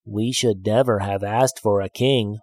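A man's voice: fairly low pitch, steady tone, unhurried, darkish tone, breathy edge, no room sound, studio quality. A man doing whiny little storybook frogs. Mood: timid. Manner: whiny, pleading, petulant. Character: chorus of small fussy discontented frogs.

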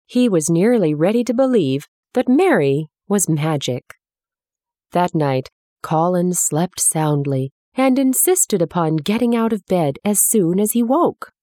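Woman storybook narrator, measured and lowish, dry booth sound. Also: animated, mellow, no echo. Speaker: audiobook narrator.

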